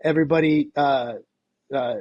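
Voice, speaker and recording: A man's voice: a little high, fairly even intonation, normal speed, no room sound, lo-fi sound. A man hosting a podcast interview, enthusiastic and rambling, with plenty of fillers. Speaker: podcast host. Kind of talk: casual interview chat.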